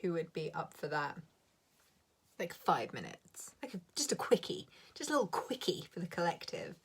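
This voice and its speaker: A woman's voice: medium pitch, creaky, husky. Sweary, laughing woman in her thirties. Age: 30s. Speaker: coach. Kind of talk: live stream rant.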